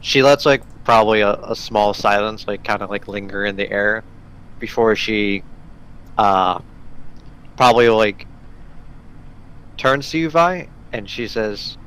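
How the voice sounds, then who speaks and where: A man narrating as game master of a tabletop game, his voice sitting low. He describes the scene loosely, with lots of filler words along the way. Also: unhurried, pauses often, a bit bright, clear, resonant tone, poor audio.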